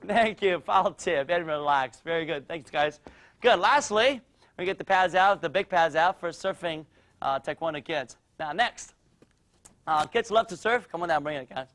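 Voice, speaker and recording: A man's voice: a little high, normal speed. A man teaching a kids' martial arts class, calling out drills with energy in a studio. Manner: energetic coaching, calls out drills.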